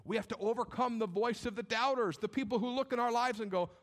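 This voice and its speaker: Guy preaching a sermon, pretty high voice, dynamic, does little voices of doubters. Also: fast talker, few pauses, fairly bright tone. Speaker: pastor.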